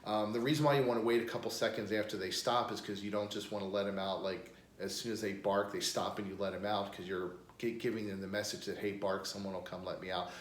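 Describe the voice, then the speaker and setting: Low-voiced American dog trainer in echoey room. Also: male voice, level tone, fast talker, hardly any pauses. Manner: plain practical explaining, upbeat praise bursts. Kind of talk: instructional demonstration. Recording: echoey room with faint noise.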